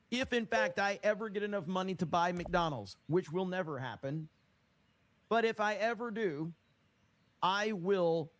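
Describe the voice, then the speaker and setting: A man's voice: a little high, no room sound. A man streaming live, reading viewer comments aloud and ranting back at them with emphatic, mock-indignant energy. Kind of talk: livestream chat reading and banter.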